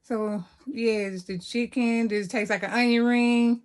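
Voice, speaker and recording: Speaking a little slowly in a slightly high, fairly even tone, a Mississippi woman with a Southern accent runs a cooking vlog. She keeps it chatty and casual, laughs often, and addresses her audience as y'all.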